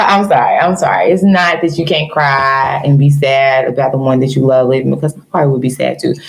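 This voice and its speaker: Teasing, animated woman tarot reader. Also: low voice, rough recording. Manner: animated, teasing, calls viewers girl and baby; laughs often, jokes then turns earnest. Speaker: tarot reader livestreaming to viewers. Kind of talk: casual live-stream advice chat.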